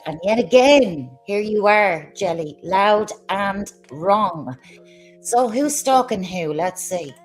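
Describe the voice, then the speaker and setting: On a livestream, a woman with a medium-pitched, somewhat dark voice launches into a heated rant. She's combative and sarcastic, swearing as she goes.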